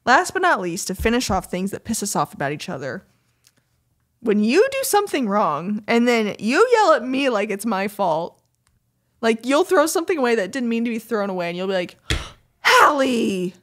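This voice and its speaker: A woman co-hosting a podcast in casual chat, teasing and exasperated in an animated way. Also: fairly high pitch, fairly quick. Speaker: podcast co-host.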